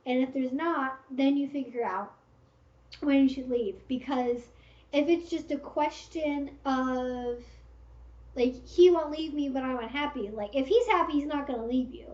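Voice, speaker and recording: A woman's voice: sits high, measured pace, darkish tone. A woman hosting a casual livestream Q&A, giving frank, direct advice with lots of fillers. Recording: roomy, slightly dull stream audio.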